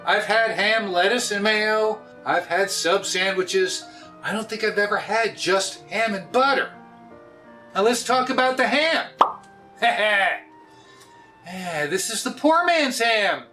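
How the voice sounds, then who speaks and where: Man, sixties, bright voice, jokey cooking host, soft music behind. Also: sits high, animated, takes it slowly. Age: 60s. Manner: jokey, often laughs and raises his voice. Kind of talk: casual cooking vlog.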